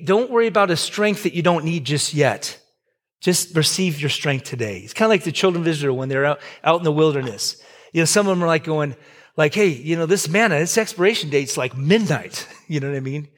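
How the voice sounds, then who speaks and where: A man in his fifties preaching a sermon as pastor, conversational, with joking asides, swinging between loud and soft. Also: fairly high pitch, brisk. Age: 50s.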